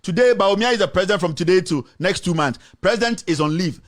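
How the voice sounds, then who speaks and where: A man's voice: high voice, animated, fast. A man with a Ghanaian accent hosting a heated political talk radio show, switching between English and Twi. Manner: fiery, mixes English with Twi.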